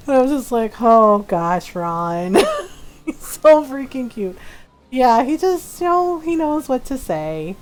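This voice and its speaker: A woman's voice: medium pitch, mellow. A woman in her forties chatting casually as a streamer while she plays, laughing often and filling her talk with "like" and "um". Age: 40s. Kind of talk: casual chat while gaming.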